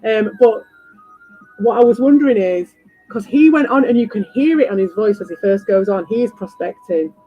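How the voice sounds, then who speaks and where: A woman streamer in a casual ranting chat, animated, swearing freely and repeating herself. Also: medium pitch, moderate pace, phone-quality sound, faint music behind. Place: home.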